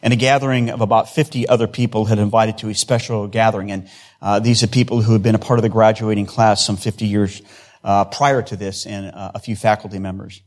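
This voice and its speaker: A man's voice: fairly low pitch, level tone, a little fast, darkish tone. A man preaching a sermon in an earnest way, building emphasis through repeated phrases. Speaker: pastor.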